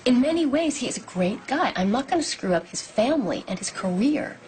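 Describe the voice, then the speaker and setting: A woman's voice: a little high, animated, fairly quick, darkish tone, a little hiss or hum, close to an everyday voice. An actress playing a tough, principled female police officer who speaks in firm, clipped replies. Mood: tense. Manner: firm, clipped, resists pressure. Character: tough young female cop, principled and guarded. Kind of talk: TV movie acting.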